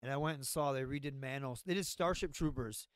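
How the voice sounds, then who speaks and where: A man's voice: mid-range voice, brisk, no echo, clean studio sound. A man chatting as a podcast guest, telling stories animatedly and laughing often. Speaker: guest, professional wrestler. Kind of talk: casual podcast chat.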